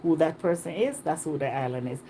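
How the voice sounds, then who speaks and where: A woman's voice: deep voice, a little fast, slight background noise. Chatty woman vlogging outdoors. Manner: chatty, animated, repeats herself. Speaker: travel vlogger. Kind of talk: casual vlog chat. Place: outdoors on a Caribbean island.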